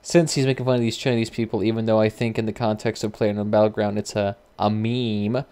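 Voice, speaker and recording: A man's voice: on the low side, level tone, fast talker, warm tone, smooth. A man streaming and giving casual, wry commentary that rambles and corrects itself as it goes. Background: faint background music.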